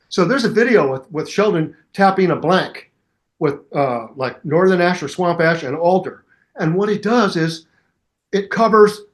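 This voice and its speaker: An older musician talking as a guest in a casual interview, telling animated stories and mimicking voices and sounds. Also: male voice, sits high.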